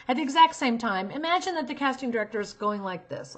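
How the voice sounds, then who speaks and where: Animated, emphatic woman coaching actors. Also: high voice, fast, hardly any pauses. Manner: emphatic, acts out short examples; direct, talks straight to viewer. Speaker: talent manager. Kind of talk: advice talk to actors.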